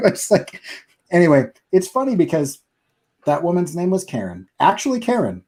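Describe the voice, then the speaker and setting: A man hosting a casual live stream chat, telling a funny story in an animated way and laughing between lines. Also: fairly high pitch, brisk, husky.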